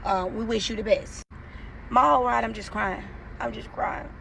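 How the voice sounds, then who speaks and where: A woman telling a personal story in casual storytime style, profane and animated, acting out the quotes. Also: fairly high pitch, normal speed, creaky, slight background noise.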